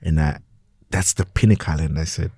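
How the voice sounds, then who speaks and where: South African male guest, very low dark voice, animated storyteller, dry close sound. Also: moderate pace, gravelly, breathy edge, dry recording. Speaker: podcast guest. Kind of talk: storytelling in an interview.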